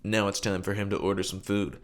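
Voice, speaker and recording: A man telling a bar story to a camera in a lively way, acting out the quotes as he goes. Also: fairly low pitch, brisk.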